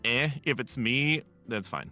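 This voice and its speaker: A man's voice: mid-range voice, unhurried, sharp tone, faint music behind. A man from Ireland, chatting on a stream and telling stories in a cocky, teasing way. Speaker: collab guest streamer. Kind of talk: casual chat.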